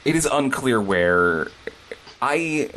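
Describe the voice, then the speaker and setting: Animated guy cohosting, lots of yeahs and laughs, pitch bounces around, noisy bed under it. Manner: agreeable, quick to laugh, lively. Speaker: podcast co-host. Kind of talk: casual chat.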